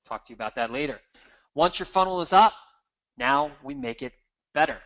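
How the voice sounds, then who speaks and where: A man with a bright, forceful voice pitched a little high, presenting a marketing seminar. He talks in an energetic, emphatic, salesy way, pushing points home to the room. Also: brisk, creaky, low-quality recording. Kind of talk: seminar talk with slides.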